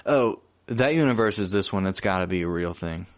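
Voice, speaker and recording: A man's voice: low voice, expressive, brisk. A man co-hosting a podcast in laid-back, easygoing casual chat, dropping "dude" often. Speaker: podcast co-host.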